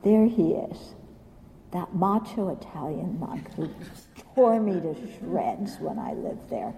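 A woman giving a Buddhist dharma talk, animated and self-mocking, often laughing at her own stories. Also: on the low side, takes it slowly, big-room sound, slight background noise, low-quality recording. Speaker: Buddhist teacher.

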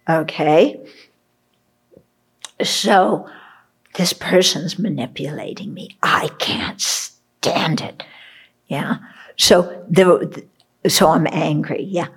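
A woman's voice: fairly low pitch, slightly rough. A Buddhist woman teacher giving a reflective dharma talk, checking in often with her listeners. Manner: reflective, checks in with "okay?", acts out inner voices.

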